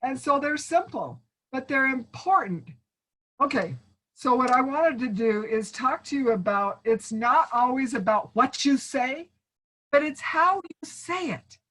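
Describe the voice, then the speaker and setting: A woman with a high-sitting, fairly bright voice gives an online training talk over a video call as a speaking coach. She encourages her listeners, calls them friends, and acts out sample phrases in asides, all on a low-quality recording.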